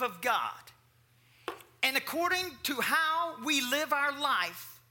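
A man preaching a sermon in a conversational, animated way, breaking off for joking asides to the congregation. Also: very high voice, slow.

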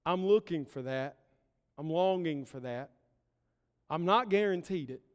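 Male pastor, sermon, earnest, short emphatic phrases, fairly high voice, long church reverb. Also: lively intonation, a little slow, smooth. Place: church sanctuary.

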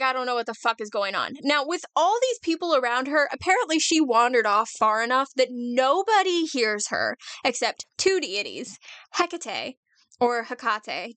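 A woman's voice: on the high side, bright, forceful tone, no echo. A woman co-hosting a podcast, chatty and casual as she retells a myth, swearing and laughing often. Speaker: podcast co-host.

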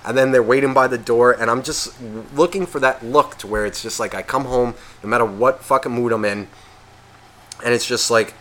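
A man's voice: mid-range voice, normal speed, a bit bright. A man co-hosting a podcast, ranting in a casual, profane way and acting out imagined voices. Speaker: podcast co-host.

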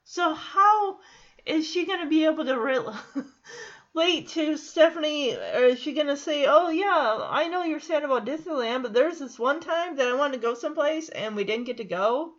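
Woman, high voice, sarcastic recap talk, dull lo-fi audio. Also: animated, normal speed. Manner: sarcastic, laughs often, reads out lines. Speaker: episode recapper. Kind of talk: casual recap commentary.

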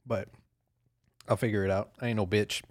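A man's voice: lowish voice, steady tone, normal speed, no echo, studio quality. A young man hosting his own podcast solo, ranting casually in a profane, rambling way and laughing at himself. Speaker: podcast host.

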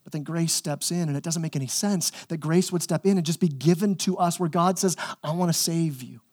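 A man's voice: on the high side, steady tone, a little fast, darkish tone. A male pastor preaching a conversational, emphatic sermon, often repeating words as he presses a point.

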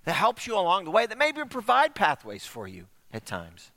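A man's voice: high-pitched, huge pitch swings, normal speed, creaky, fairly bright tone, long reverb tail. A man preaching a sermon, telling a story with acted-out dialogue.

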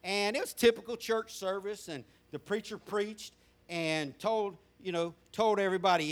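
A man's voice: high voice, moderate pace. A middle-aged man with a Southern US accent, a pastor telling his testimony in a folksy sermon with frequent restarts. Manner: folksy storytelling with repeated restarts. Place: church sanctuary with congregation.

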